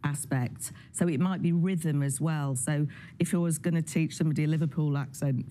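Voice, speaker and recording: A woman guest on a studio interview, explaining accent coaching in a lively, demonstrative way. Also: low voice, normal speed, slight background noise.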